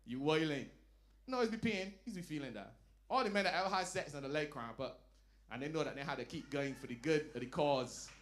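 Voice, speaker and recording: A man performing a stand-up comedy set, telling loud, animated stories and dropping into low asides. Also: fairly quick. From Barbados. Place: lounge comedy night.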